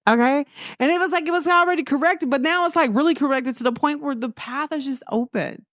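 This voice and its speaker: A woman's voice: high-pitched, fairly quick, dry recording, studio quality. A young woman, hosting a casual spiritual pep talk and acting out quoted voices with frequent laughs. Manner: animated storytelling, acts out quoted voices, laughs often. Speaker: host.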